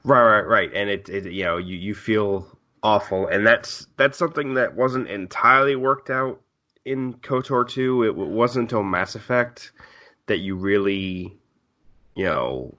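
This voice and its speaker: A young man with a low voice co-hosts a podcast, talking haltingly with lots of fillers and restarts. He sounds a little sick. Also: pushed and bright. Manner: halting, hesitant, many fillers. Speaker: podcast co-host. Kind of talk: casual chat.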